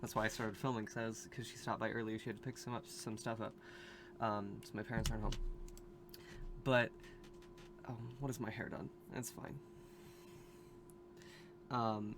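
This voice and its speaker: A man's voice: fairly low pitch, background noise. A man hosting a casual video commentary, rambling with many fillers, asides and restarts. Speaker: video host.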